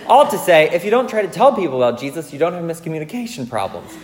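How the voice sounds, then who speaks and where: A man's voice: fairly high pitch, very animated, quick pace. A man preaching in a large church hall, his voice rising and falling a lot. He tells self-mocking stories and keeps checking in with the audience. A long reverb trails every phrase. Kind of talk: sermon.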